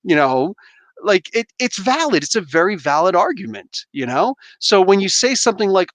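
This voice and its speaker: A man in his thirties hosting a casual livestream chat from home on a headset mic, rambling and animated with lots of fillers and restarts. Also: sits high, brisk, dry recording. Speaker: livestream host. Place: home room. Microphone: gaming headset.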